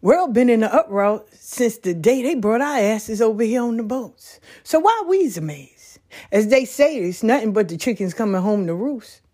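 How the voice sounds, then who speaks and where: A woman talking casually on a back porch outdoors, telling stories in a folksy, animated way. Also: fairly high pitch, normal speed. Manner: folksy, animated storytelling with laughs. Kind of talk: casual monologue.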